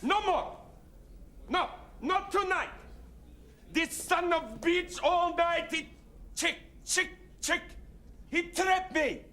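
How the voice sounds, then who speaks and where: An actor playing a furious adult Russian poker boss with a Russian accent, yelling in a shrill, explosive voice from a film clip. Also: male voice, slow, long pauses, full character voice. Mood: enraged. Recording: dull, quiet film clip played back.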